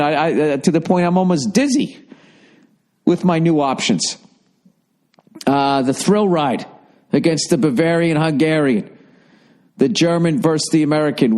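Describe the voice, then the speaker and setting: A man's voice: medium pitch, darkish tone. Profane rambling male podcast host. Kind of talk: casual comedic monologue.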